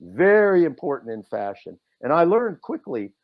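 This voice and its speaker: A man, a podcast guest and author, telling stories in a casual way and acting out quotes with big swings in pitch. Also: sing-song, moderate pace, phone-quality sound. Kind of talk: casual storytelling.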